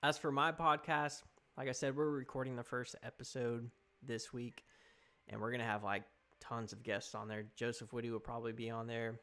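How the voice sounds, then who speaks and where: A man's voice: medium pitch, flat delivery, normal speed, bright, forceful tone. Chatty young man streaming. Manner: chatty, rambling, reading chat aloud. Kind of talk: casual live-stream chat.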